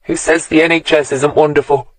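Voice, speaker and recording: A woman's voice: low-pitched, steady tone, brisk, no room sound. A man voicing an injured, tough young female police sergeant who talks dryly and curtly. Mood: wry. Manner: dry, curt, wry.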